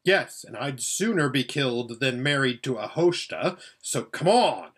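A man's voice: medium pitch, very animated, a little slow, fairly bright tone, slightly rough, heavily acted. A man voicing a determined young girl on the run in a storybook reading, urgent and firm. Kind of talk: storybook read-aloud.

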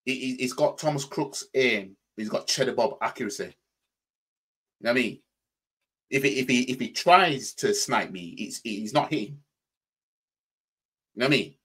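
A man's voice: mid-range voice, lively intonation, moderate pace, pauses often, fairly bright tone, husky. A man with a Yorkshire accent, hosting a reaction channel, with casual commentary that often stammers and repeats "you know what I mean". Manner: mocking mimicry in quoted voices.

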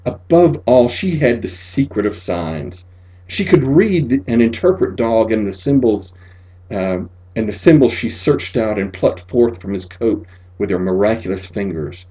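A man narrating a literary short story as an audiobook, measured and expressive, sinking to a near whisper in the sad passages. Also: on the low side. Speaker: audiobook reader.

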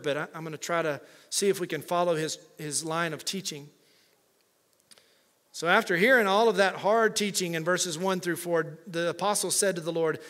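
A man's voice: a little high, a bit bright. A male pastor preaching a conversational sermon with humorous asides to his congregation. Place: church sanctuary.

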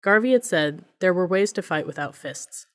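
Low-voiced woman reading an audiobook. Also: expressive, moderate pace. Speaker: audiobook narrator. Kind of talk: audiobook narration.

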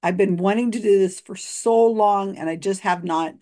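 A woman's voice: medium pitch, normal speed, mellow. A tired woman hosting a casual video commentary, chatty and laughing often between fillers. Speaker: video host reviewing a psychic reading.

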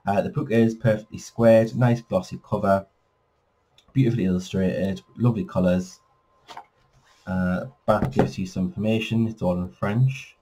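A man's voice: sits low, steady tone, moderate pace, warm tone, slight background noise. A man giving a casual flip-through review of a colouring book, chatty, with frequent fillers and self-corrections.

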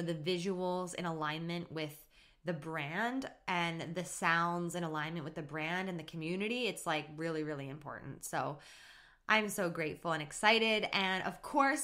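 Woman podcast host and coach, bright and bubbly, slangy and chatty. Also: on the low side. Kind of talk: casual solo podcast talk.

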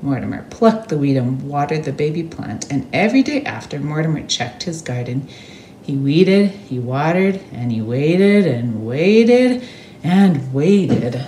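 A woman reading a picture book aloud to children at a church service, expressive and animated. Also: low-pitched, unhurried, echoey room, slight background noise. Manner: expressive, animated read-aloud with sound words.

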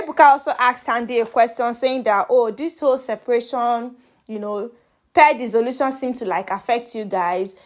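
A woman with a Nigerian accent chats her way through reality show gossip in a playful, talkative manner. Her voice sits a little high, and she drops into pidgin now and then. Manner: chatty and playful, mixing in pidgin and laughing. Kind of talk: casual gossip commentary.

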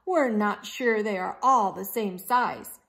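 A woman's voice: mid-range voice, slow, creaky, a bit bright. Woman voicing a bold, eager male alligator. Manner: eager, exclaiming.

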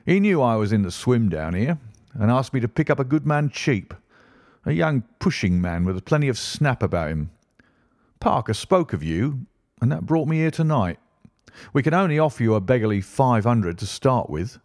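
A man voicing a brisk, flattering middle-aged financial agent who talks in a clipped, persuasive way, in an audiobook. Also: medium pitch, dry recording, clean studio sound. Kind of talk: audiobook character reading.

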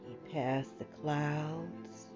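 A woman narrating a bedtime story in a casual, colloquial, animated way. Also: low voice, drawn-out words. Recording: dull lo-fi sound, faint music.

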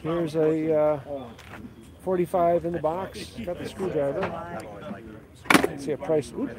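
A man's voice: on the high side, steady tone, unhurried. A man hosting a casual walk-through of tables at an outdoor tool sale, naming tools and prices as he goes. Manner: casual, chatty, lists prices and tools as he walks. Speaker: woodworking channel host. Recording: crowd noise outdoors. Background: crowd chatter.

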